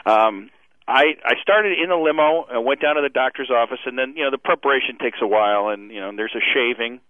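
A man calling into a radio show, chatting casually with a deadpan, dry sense of humor. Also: mid-range voice, brisk, no echo. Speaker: radio guest on the phone. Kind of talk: casual chat. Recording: tinny phone line.

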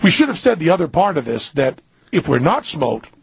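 Male talk radio host, storyteller, high-pitched for a man, rough breathy texture. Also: brisk, no echo. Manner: animated storyteller, jumps into a high squeaky voice for his own lines.

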